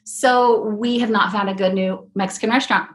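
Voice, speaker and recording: A middle-aged woman hosting a podcast, telling a casual story in a lively way and acting out the voices of the people she quotes. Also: medium pitch, moderate pace. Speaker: podcast host.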